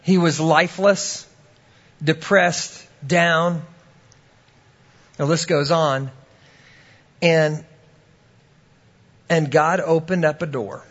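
A man's voice: on the high side, fairly even intonation, very slow, long pauses, fairly bright tone, highs cut off. A man preaching a sermon, telling a personal story and acting out the voices of the people in it. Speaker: pastor.

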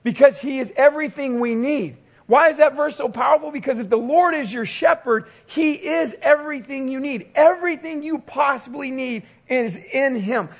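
A man pastor preaching a sermon, telling a personal story with animated storytelling and quoted voices. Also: extremely high pitch, moderate pace, gravelly, hardly any pauses.

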